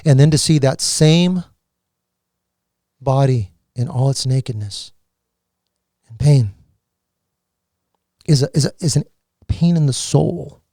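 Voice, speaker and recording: A man giving an emotional personal testimony as a podcast guest, earnest and halting, with many restarts. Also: medium pitch, warm tone, no room sound, clean studio sound.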